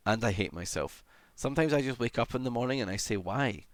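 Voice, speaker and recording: This young adult man speaks in a mid-range voice, animated and quick, on a dry recording. It's relaxed stream chatter: rambling, self-mocking, heavy on the swearing, with humming between thoughts.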